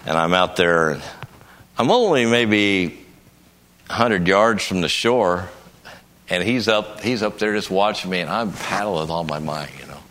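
An older male preacher with a deep, low voice that still cuts through with a bright, forceful edge. He tells a homely story about himself in a folksy way, then rises into emphatic bursts. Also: expressive, a little slow. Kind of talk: conference sermon.

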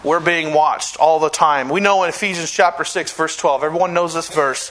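A male pastor preaching a sermon, telling a testimony earnestly and slowing down to stress key phrases. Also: fairly high pitch, a bit bright, rough recording. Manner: earnest storytelling, preaching with slowed emphatic phrases.

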